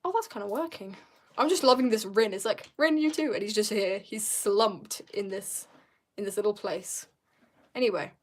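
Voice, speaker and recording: A woman's voice: medium pitch, normal speed. A teenage girl chatting casually on a drawing livestream, rambling and laughing at herself as she tells stories. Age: teens. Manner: rambling, self-mocking, giggly storytelling. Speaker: streamer.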